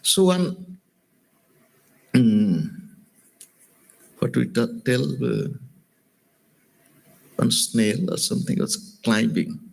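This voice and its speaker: A man with an Indian accent, a spiritual teacher giving a sermon, telling stories gently and repeating lines, asking listeners direct questions. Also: medium pitch, big pitch swings, extremely slow, gravelly, pauses often. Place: lecture hall.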